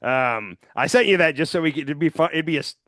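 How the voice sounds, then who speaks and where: A male podcast co-host chats casually about politics in a fast, lively voice that sits on the high side with a fairly bright tone. He rambles loosely, full of "like" and "um," and the studio recording is clean with no echo.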